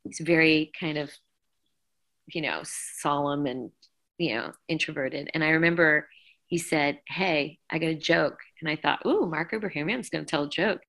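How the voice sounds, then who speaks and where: A middle-aged woman, a singer being interviewed, recounting events in a lively, emotional way and acting out quoted dialogue. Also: deep voice, moderate pace, gravelly. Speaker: guest singer. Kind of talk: conversational interview storytelling.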